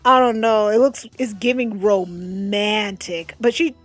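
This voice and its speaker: A woman's voice: medium pitch, fairly even intonation, a little slow, faint music behind. A young adult woman chatting casually about a comic she is reading, gushing and chatty. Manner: chatty, gushing, with lots of fillers. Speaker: webcomic recommender. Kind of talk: casual chat.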